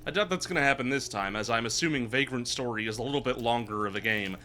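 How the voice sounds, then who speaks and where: A man's voice: mid-range voice, fast talker, pushed and bright, a little hiss or hum. A man streaming a video game live, chatting casually and laughing often as he plays. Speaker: VTuber streamer. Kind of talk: casual gameplay commentary.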